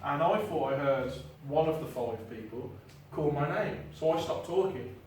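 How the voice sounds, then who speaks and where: A man talks to a live audience in an informal, joking way, full of ums and asides. His voice sits a little high. The recording is very echoey and noisy, as if picked up from across a large hall. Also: normal speed, far from the mic. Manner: chatty, informal, self-deprecating with filler ums. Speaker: paranormal investigator giving a talk. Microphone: clip-on mic heard from a distance.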